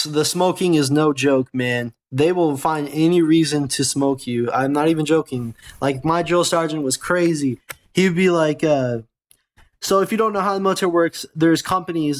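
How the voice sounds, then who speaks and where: Young american guy, gaming channel host, rambly and swears a lot, voice a bit high. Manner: rambling, profane, self-correcting. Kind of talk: casual storytelling commentary.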